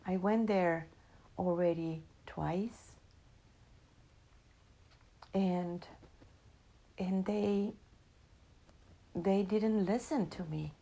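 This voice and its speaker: A humble young messenger, anxious and apologetic, pleads in halting phrases. A woman storyteller puts him on. The voice is low and gravelly and moves slowly. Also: dark tone, exaggerated voice.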